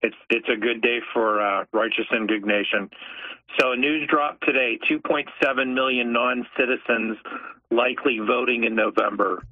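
A man's voice: medium pitch, flat delivery, moderate pace, husky. A man from Pennsylvania calling into a radio show, apologetic and a bit hesitant as he passes on news. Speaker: caller. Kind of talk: call-in radio conversation. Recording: tinny phone line.

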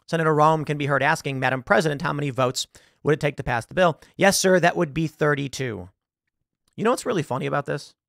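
A man hosting a political commentary monologue, sarcastic and emphatic, jumping between loud jabs and quiet asides. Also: a little high, fast talker, gravelly, dry recording, clean studio sound. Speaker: commentary host.

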